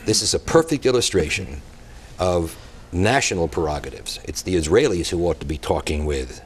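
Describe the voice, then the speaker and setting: A man's voice: low voice, expressive, normal speed, slightly rough. A man speaking as a guest expert on a TV talk show, giving blunt, emphatic and impassioned answers.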